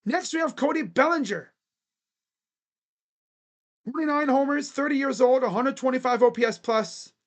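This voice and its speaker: A sports channel host chatting casually on a live stream, making predictions in a jokey, rambling way with sudden shouted bits. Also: sits high, normal speed, long pauses. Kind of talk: casual live-stream commentary on baseball free agents.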